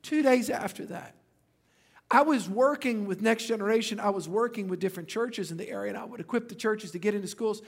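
A man in his fifties preaching in a church, his voice pitched high for a man. He tells stories with energy and throws joking asides to the congregation. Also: fairly quick. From Louisiana. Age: 50s. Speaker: pastor. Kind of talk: sermon.

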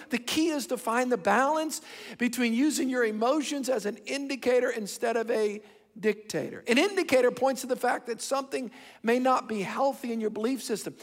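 A man's voice: extremely high pitch, creaky. A middle-aged man preaching a sermon as pastor, emphatic and repetitive, shifting his pace to drive points home. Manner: emphatic, repeats himself, shifting pace for stress. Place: large church hall. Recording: hall reverb from a large sanctuary.

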